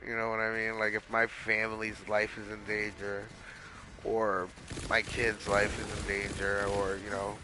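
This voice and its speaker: A man's voice: fairly low pitch, noisy background. A man casually telling a long story while playing a video game, rambling with lots of swearing and fillers. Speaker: gaming streamer.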